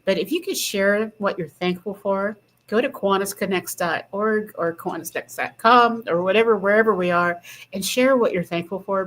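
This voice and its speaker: A woman co-hosting a talk show, speaking earnestly and gratefully in casual chat. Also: lowish voice. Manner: warm, earnest and appreciative. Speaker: co-host.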